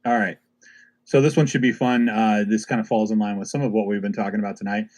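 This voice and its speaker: A man's voice: on the low side, flat delivery, fast talker, darkish tone. A man co-hosting a podcast who introduces a game in an easygoing, hesitant way. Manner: easygoing, hesitant with many fillers. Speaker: podcast co-host running a game segment. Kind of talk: casual chat.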